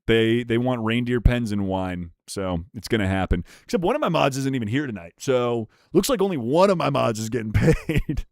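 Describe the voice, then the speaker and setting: A man's voice: lively intonation, moderate pace, hardly any pauses, a little mellow, no echo. Male streamer riffing with chat, swears a lot, voice jumps all over the place, dry close sound. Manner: rowdy, profane and jokey, ranting with pitch jumps. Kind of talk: casual chat reading viewer messages.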